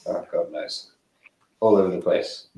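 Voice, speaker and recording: A man's voice: sits low, unhurried, vocal fry, mellow, echoey room, poor audio. An English man with an English accent, a guest on a live stream, chatting casually in a dry, self-deprecating way. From England.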